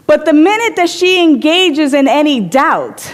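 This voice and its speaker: A woman's voice: sits high, big pitch swings, a little slow, big-room sound. A woman giving an inspirational sermon in a reflective manner, telling stories and repeating phrases for emphasis. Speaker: inspirational speaker.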